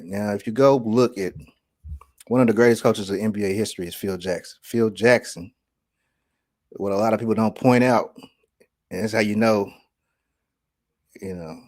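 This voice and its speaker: A man with a somewhat low voice talks straight to the camera in a loose monologue. He sounds preachy and keeps pausing to check that the listener is following. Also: a little mellow. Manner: preachy, keeps asking "right?". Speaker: vlog host. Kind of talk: casual conspiracy monologue.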